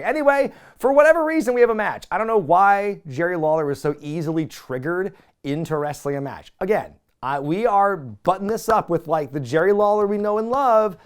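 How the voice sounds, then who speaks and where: A man hosting a podcast, recapping casually with incredulous, animated commentary and casual swearing. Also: a little high, clean tone. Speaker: podcast host.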